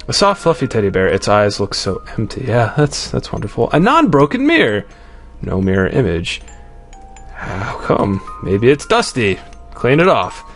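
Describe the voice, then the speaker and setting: A man's voice: fairly low pitch, big pitch swings, moderate pace. A man commentating on a horror game, jumpy and swearing often as he reads the game's text aloud. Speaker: let's play commentator. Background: game music.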